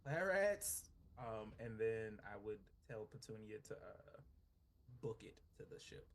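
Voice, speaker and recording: A man casually playing his character in a tabletop game, chatty and animated. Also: fairly low pitch, unhurried, slight background noise. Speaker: player.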